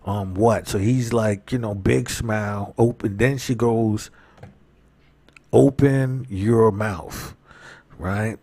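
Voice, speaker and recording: A man's voice: on the low side, steady tone, unhurried, few pauses, darkish tone, no echo. A man giving a rambling, casual recap of a show, often asking "right?" and "you know". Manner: reads out characters' lines in his own voice. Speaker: show commentator.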